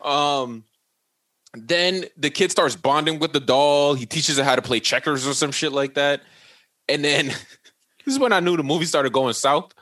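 A man on a podcast casually retelling a movie plot, acting out each character's lines with plenty of swearing. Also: a little high. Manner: animated storyteller who acts out the characters' lines, swearing and laughing. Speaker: podcast co-host.

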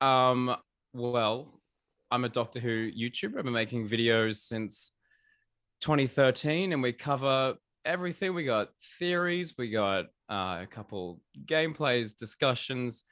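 Young aussie guy with a bright tight voice, super dry close sound, chill and jokey. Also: mid-range voice, measured pace, no echo. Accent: Australian. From Australia. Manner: laid-back, laughing, slangy. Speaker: podcast guest. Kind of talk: casual chat.

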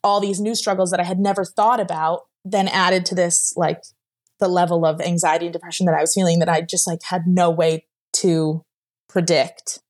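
A woman's voice: on the low side, level tone, moderate pace, a little mellow. Young woman telling an emotional story. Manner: emotional, rambling, many "like" fillers. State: near tears at times. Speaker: guest. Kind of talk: personal story in a podcast interview.

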